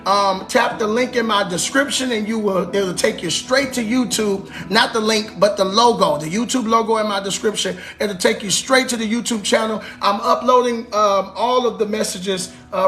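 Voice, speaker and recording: A man, a preacher, chatting casually with viewers on a livestream in an animated way, calling them y'all and baby. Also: high voice. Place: live stream.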